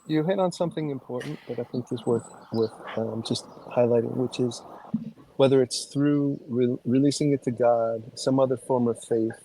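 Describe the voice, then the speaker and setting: Measured man with a mellow voice. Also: medium pitch, low-quality recording. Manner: measured, builds a point carefully. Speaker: panelist. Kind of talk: thoughtful panel remarks.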